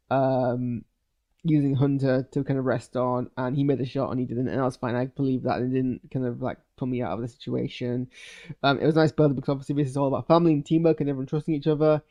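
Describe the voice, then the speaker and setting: A man giving a loose, hesitant live reaction to a TV episode, full of fillers and restarts, with sudden bursts of excitement. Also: medium pitch, fast, highs cut off. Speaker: video reviewer. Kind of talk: live post-watch reaction.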